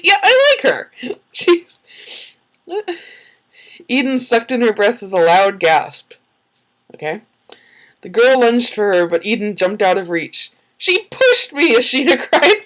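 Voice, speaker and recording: A woman's voice: medium pitch, poor audio. A woman reading a book aloud in a casual way and breaking off for sarcastic, giggly commentary. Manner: snarky, sarcastic asides; giggles often.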